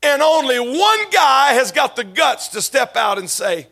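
A man preaching a sermon as pastor, swinging from hushed whispers up to shouted, tearful peaks. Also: extremely high pitch, big pitch swings, measured pace, vocal fry.

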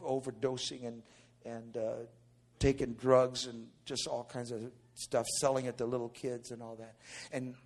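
A middle-aged male pastor telling a testimony in a sermon, moving from low storytelling into shouted preaching.

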